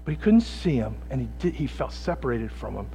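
A man preaching a sermon, dramatic and casual, swinging from shouting to hushed asides. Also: medium pitch, big pitch swings, a little fast, gravelly, a little hiss or hum.

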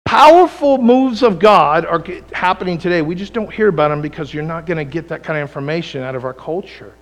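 A male pastor with a notably high voice delivers a sermon in a church. He tells stories and builds to emphatic peaks. He keeps calling on the congregation to answer with an amen. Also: animated, a little fast. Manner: call-and-response preaching, often asking the congregation for an amen; storytelling with rising emphatic peaks.

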